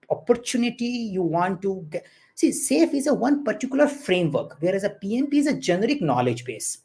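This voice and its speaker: Halting expert man answering questions. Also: high-pitched, a little mellow, slightly rough. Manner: halting, many repeated words and fillers. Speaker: certification expert. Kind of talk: live Q&A answers.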